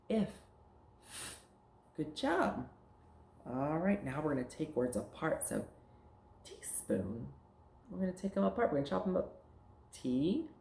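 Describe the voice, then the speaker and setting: A male teacher leading a phonics lesson for young children, sounding out words and single letter sounds slowly, with big jumps in pitch. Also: creaky, a little mellow. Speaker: early-grade teacher. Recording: roomy echo.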